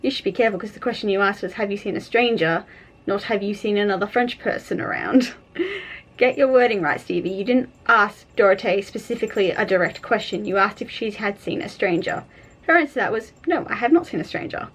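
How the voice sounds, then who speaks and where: A woman's voice: mid-range voice, fairly quick, husky. A young adult woman hosting a reaction video, exasperated and nitpicking, laughing at what she watches. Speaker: equestrian reaction host. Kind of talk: reaction commentary.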